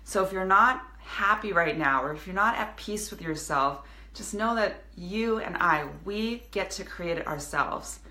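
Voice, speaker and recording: A woman's voice: mid-range voice, a little slow, hardly any pauses, pushed and bright, roomy sound. A woman in her thirties, a business coach speaking earnestly to her viewers in a live video, with many restarts. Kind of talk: casual motivational live video.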